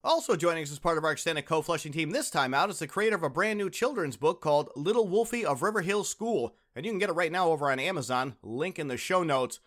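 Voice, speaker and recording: A man hosting a comedy podcast, boisterous and quick to burst out laughing. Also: a little high, expressive. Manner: boisterous, laughs loudly at jokes. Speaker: podcast host.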